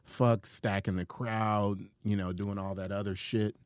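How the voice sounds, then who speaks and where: A man's voice: fairly low pitch, level tone, a little slow, clean tone, dry recording, clean studio sound. A middle-aged comedian telling profane stories in casual podcast chat, acting out the people he quotes. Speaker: comedian guest.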